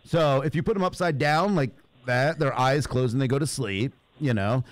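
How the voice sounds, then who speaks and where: A man's voice: medium pitch, moderate pace, no echo. A man hosting a radio show, telling a comic story with lots of laughter. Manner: animated storyteller, laughs often, puts on cooing baby talk to a toy. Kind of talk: casual comedic storytelling.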